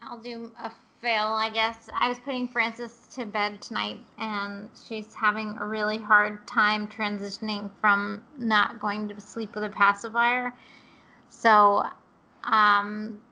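Gentle hesitant woman, flat delivery. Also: mid-range voice, takes it slowly, muffled recording. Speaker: podcast co-host. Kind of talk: casual chat among moms.

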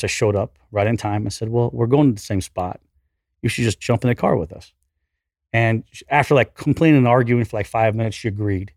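A man in his forties, a podcast guest, telling a story in an animated, profane, self-deprecating way. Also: mid-range voice, no echo, clean studio sound. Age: 40s. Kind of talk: casual storytelling.

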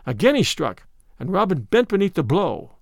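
Guy reading a story aloud, dramatic, lots of pitch swing. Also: big pitch swings, normal speed, vocal fry, dry recording, studio quality. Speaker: narrator. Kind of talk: audiobook storytelling.

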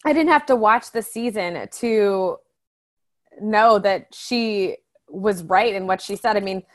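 A young woman co-hosting a chatty podcast, her voice sitting at an ordinary middle pitch. She talks in loose, rambling sentences full of "like" and "I mean", keeping an easygoing tone throughout. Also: slow pace. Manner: chatty, many fillers. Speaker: podcast co-host. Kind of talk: casual chat.

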